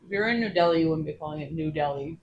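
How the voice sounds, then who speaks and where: A woman's voice: low voice, very fast, dull audio, slight background noise. A woman chatting playfully and teasing while she cooks on a stream in her home kitchen. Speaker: cooking streamer. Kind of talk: casual cooking stream chat.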